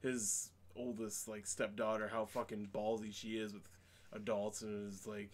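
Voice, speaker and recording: A man's voice: lowish voice, flat delivery, measured pace. A man co-hosting a podcast in casual, crude chat. He peppers his talk with fillers and swearing and laughs often. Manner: profane, filler-heavy, laughing. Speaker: podcast co-host.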